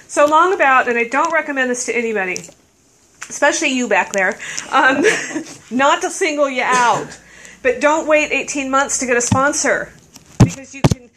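A woman speaks to a live audience in a meeting room, telling her own story with frank, self-mocking humor. She laughs often and stumbles into restarts and fillers. Her voice sits at an ordinary middle pitch, with faint background noise. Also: fairly bright tone, rough recording. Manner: halting, with many restarts and fillers. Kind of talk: personal testimony to a live audience.

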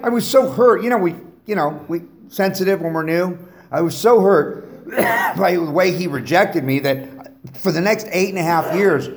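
A middle-aged man giving a personal testimony to a recovery meeting, telling stories with humor and animation. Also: high-pitched. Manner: animated storytelling, jokes with the audience. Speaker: guest speaker at a recovery meeting. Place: meeting room with a live audience.

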